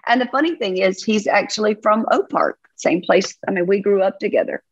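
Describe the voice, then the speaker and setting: A woman's voice: medium pitch, animated, normal speed, husky, dry recording. A Southern woman chats on a podcast, spinning folksy stories with easy laughs. Her voice sits in a middle register and is recorded dry and close. The sound is a little dull and lo-fi. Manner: chatty, folksy, laughs easily. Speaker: podcast guest, pastor. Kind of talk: casual storytelling chat.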